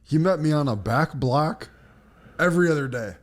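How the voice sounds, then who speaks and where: A man's voice: a little high, lively intonation, moderate pace. Laid-back man trading stories. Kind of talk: casual chat.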